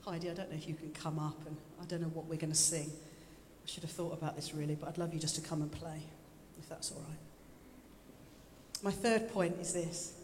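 Her voice is low-pitched, steady and darkish, moving a little fast, as she preaches a chatty sermon with jokes and repeated phrases. The setting is an echoey church hall with live instrumental music, and there's slight background noise.

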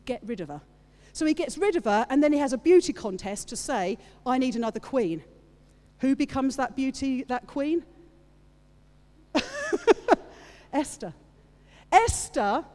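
A woman's voice: fairly high pitch, mellow. A woman preaching a sermon, retelling a story with playful asides to her congregation. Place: church hall with audience. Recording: long reverb of a large hall.

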